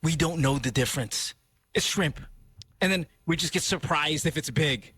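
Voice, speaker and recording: A man's voice: fairly high pitch, moderate pace, a bit bright, slightly rough, dry recording. A man hosting a radio show, talking in a playful, jokey way. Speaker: radio host. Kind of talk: casual radio banter. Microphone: studio microphone.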